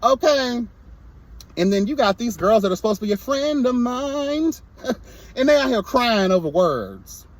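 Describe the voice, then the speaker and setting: A man's voice: very high voice, sing-song, normal speed, no room sound. A young man reviewing a reality show in a casual vlog, sassy and blunt, breaking into mocking impressions.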